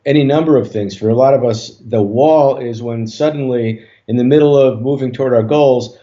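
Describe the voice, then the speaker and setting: A man, a hypnotist guest on an interview show, tells a story in a relaxed way with many fillers and restarts. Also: medium pitch. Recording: dull lo-fi audio.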